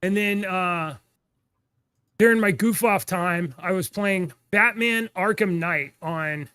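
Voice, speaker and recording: High-voiced man telling rambling stories. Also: slow, clean tone, no room sound. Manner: rambling, animated storytelling with laughs. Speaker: podcast co-host. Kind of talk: casual chat.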